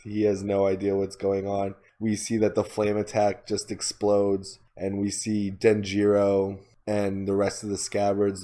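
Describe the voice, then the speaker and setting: A man with a low, fairly flat voice talks through a story recap in a loose, casual way. He quotes characters without changing his voice much and leans on "like" as a filler. His tone is mellow and dark. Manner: casual, retells scenes with many "like" fillers, quoting characters in his own voice. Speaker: podcast co-host.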